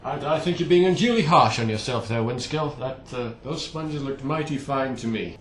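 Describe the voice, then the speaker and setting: In a casual cooking vlog shot in his home kitchen, a man bakes and jokes at his own expense. His medium-pitched voice is a bit bright and moves at normal speed. The room echoes, and a faint hiss or hum can be heard.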